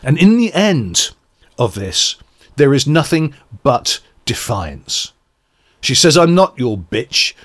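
A man's voice: medium pitch, sing-song, slow pace, fairly bright tone. A man giving a reflective, earnest radio album review and searching for words as he goes. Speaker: music reviewer.

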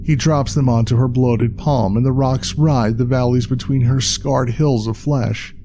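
A man narrating a dark tale in a measured, dramatic scripted reading. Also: mid-range voice, steady tone, a little hiss or hum.

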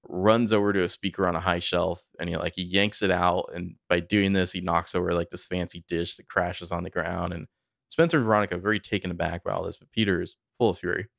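A man with a very low, gravelly voice recaps a TV episode for a podcast. He narrates the scenes casually, full of fillers. The sound is dry and close. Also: quick pace, no room sound. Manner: conversational, filler-heavy, animated storytelling. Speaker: podcast co-host.

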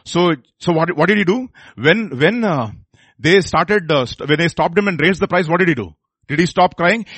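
A man preaching a sermon. He swings between loud emphatic bursts and hushed intensity, repeating phrases and putting questions to the audience. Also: a little high, animated, moderate pace, husky, no echo.

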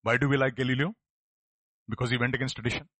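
A man's voice: medium pitch, steady tone, quick pace, a bit bright, no room sound. A man preaching a sermon, asking his listeners rhetorical questions. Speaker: pastor.

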